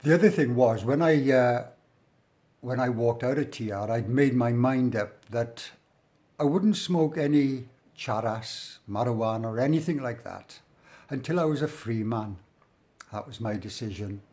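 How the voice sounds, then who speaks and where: A man's voice: medium pitch, unhurried, a little mellow. A middle-aged man with a working-class English accent tells his own story in a loose, rambling way. He is blunt and swears freely, and he often slips into the present tense as he talks. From England. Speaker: storyteller recounting his prison life. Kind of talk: casual spoken storytelling.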